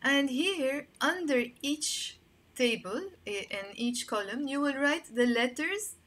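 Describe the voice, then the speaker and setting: A woman's voice: high voice, animated, slow pace, fairly bright tone. A woman with a Lebanese accent teaching a casual online language lesson, explaining patiently and repeating words for practice.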